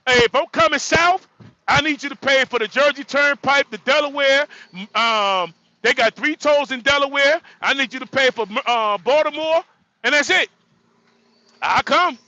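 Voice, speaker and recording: High bright joking trucker man. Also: normal speed, dry recording, lo-fi sound. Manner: joking, repetitive, frequent laughter. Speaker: livestream host; truck driver. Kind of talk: casual livestream talk.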